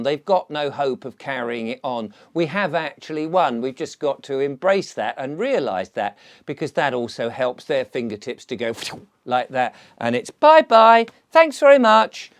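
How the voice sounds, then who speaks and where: An older English man talking to camera in a chatty, theatrical monologue, slipping into comic voices. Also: medium pitch. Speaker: vlogger.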